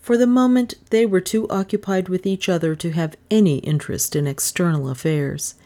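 A woman reading a hardboiled comic novel aloud as audiobook narrator, brisk and wry. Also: on the low side, steady tone, mellow. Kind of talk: scripted narration.

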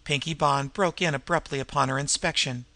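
A man narrating a story as an audiobook, in a steady, measured reading. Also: a little high, no room sound.

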